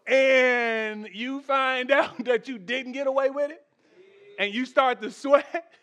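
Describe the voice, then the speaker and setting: A man pastor preaching a sermon at a church service, animated, with shouted peaks, soft asides and humorous chat with the congregation. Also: very high voice, slow pace.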